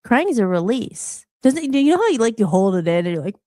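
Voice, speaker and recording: A woman's voice: fairly high pitch, sing-song, fairly quick, mellow, no room sound, studio quality. A woman hosting a live podcast, chatting casually and openly, rambling and often restarting her sentences. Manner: rambling, chatty, self-interrupting. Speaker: podcast host. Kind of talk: casual live-show chat.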